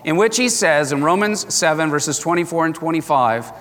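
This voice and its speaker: A pastor with a fairly high, fairly bright, expressive voice preaches a passionate sermon at normal speed, now and then acting out the voices of people he quotes. The sound carries the reverb of a large hall.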